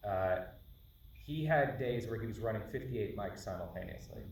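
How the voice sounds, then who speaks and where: A man speaking as a film director at a Q&A, explaining in a quick way with restarts. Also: fairly low pitch, animated, slight background noise. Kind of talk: Q&A talk. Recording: echoey hall from far off.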